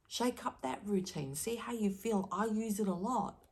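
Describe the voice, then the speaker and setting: A woman's voice: mid-range voice, normal speed, darkish tone. A woman speaking directly to camera as a spiritual card reader, giving earnest, emphatic advice.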